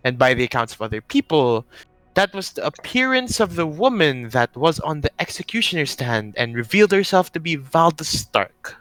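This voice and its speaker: A man playing a smooth scheming noble. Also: sing-song, moderate pace, a bit bright, no room sound. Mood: persuasive. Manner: persuasive sales-pitch tone.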